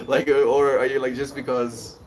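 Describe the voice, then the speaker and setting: Man streaming, talks back to chat, laughs a lot, mid pitch, sits back from the mic, noisy background. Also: level tone, a little slow, darkish tone, recorded from a distance. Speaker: livestreamer reading chat. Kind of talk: casual chat with viewers. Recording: voice a bit off-mic with clear background noise.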